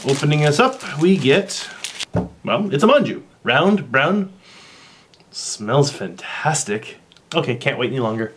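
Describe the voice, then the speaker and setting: A man's voice: a little high, very animated, a little slow, fairly bright tone, breathy edge. A man casually chatting while tasting and describing a snack for his vlog, recorded on a camera mic at home. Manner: chatty, rambling, eats on camera. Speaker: vlogger.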